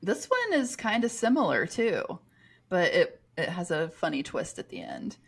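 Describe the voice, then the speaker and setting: A woman's voice: on the low side, wildly swooping pitch, moderate pace, gravelly, breathy edge. A woman co-hosting a podcast, chatting casually and reading listener comments aloud, amused and laughing often. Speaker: podcast co-host.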